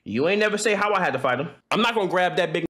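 A man livestreaming, ranting loudly and profanely in casual talk, joking and laughing. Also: high voice, expressive, racing, roomy sound. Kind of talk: casual stream rant.

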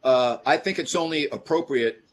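A man hosting a sports talk show, chatting casually with filler words. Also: mid-range voice. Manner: quick, hesitant with fillers. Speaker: host. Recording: roomy echo, crowd behind.

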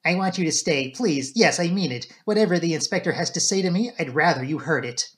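A man's voice: fairly high pitch, animated, fairly quick, a bit bright. A man doing a distraught young woman. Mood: pleading. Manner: agitated, raised voice. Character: anxious young woman, emotional and guilty.

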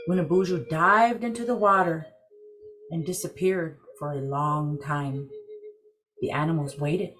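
A woman telling a traditional creation legend in a measured, deliberate storytelling narration. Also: sits low, music in the background. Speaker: program director telling a legend.

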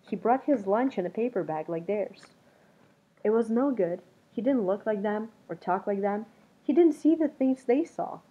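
A woman reading a children's storybook aloud in an expressive, storytelling manner. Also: medium pitch, moderate pace, slightly rough. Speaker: narrator. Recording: dull muffled recording.

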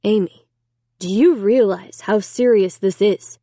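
A woman voicing a solemn, worried father speaking gravely and slowly. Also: mid-range voice, mellow, no echo. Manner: grave, measured.

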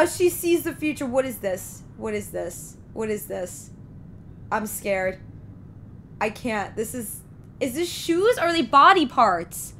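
A woman hosts a horror game let's play with a high, swooping voice, jumpy and quick to scream, repeating herself as she plays. Between outbursts she talks at an unhurried pace. The stream audio is noisy, with game ambience underneath. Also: big pitch swings, fairly bright tone.

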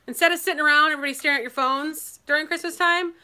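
A woman's voice: high voice, fairly even intonation, racing, sharp tone. A woman from Minnesota hosting a live online sale in casual, enthusiastic chat, laughing often.

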